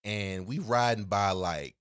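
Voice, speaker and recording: A man's voice: on the low side, a little slow, a bit bright, clear, resonant tone. A man co-hosting a podcast, telling a story in a loose, rambling way with many fillers and restarts, and laughing easily. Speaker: podcast co-host. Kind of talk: casual chat.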